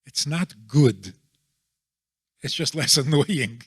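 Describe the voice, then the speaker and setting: Rabbi guy explaining stuff real slow, kinda high voice, dry close sound. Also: lively intonation, husky, dry recording. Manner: deliberate, asks rhetorical "right?" often. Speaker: rabbi being interviewed. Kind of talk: explanatory interview talk.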